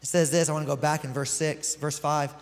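High-voiced young male preacher in a reverberant church. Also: level tone, fairly quick. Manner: conversational preaching with scripture reading. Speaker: pastor. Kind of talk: sermon. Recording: long reverb of a large room.

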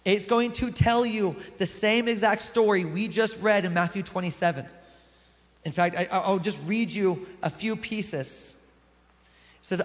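Brief: young male pastor, light high voice, casual sermon with Bible reading, church reverb. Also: normal speed. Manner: conversational preaching with scripture reading. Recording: long reverb of a large room.

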